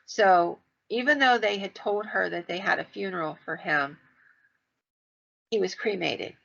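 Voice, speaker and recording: A woman's voice: medium pitch, unhurried, vocal fry, fairly bright tone. A middle-aged woman telling a long, winding story on a podcast in a chatty way, acting out the lines she quotes. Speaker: podcast co-host telling ghost stories. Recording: dull, lo-fi podcast audio.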